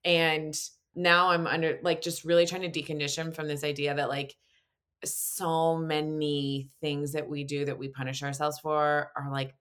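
A woman with a low voice talks in a relaxed, unscripted chat. She affirms what her partner says and brightens into animated storytelling, laughing easily as she goes. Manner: warm affirming listener, animated when telling stories, laughs easily. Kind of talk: casual chat.

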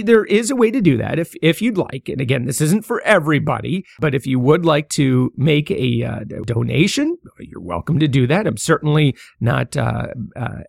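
A man's voice: medium pitch, vocal fry, no room sound, studio quality. Stammering man hosting a podcast. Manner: stammering, many fillers and restarts. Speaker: podcast host. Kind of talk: casual solo podcast talk.

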